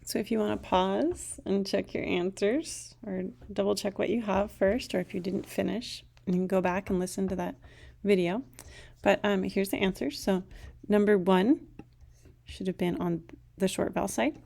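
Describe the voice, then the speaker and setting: A woman's voice: medium pitch, steady tone, normal speed, creaky, darkish tone. A woman teaching a recorded language lesson, patiently saying each word twice.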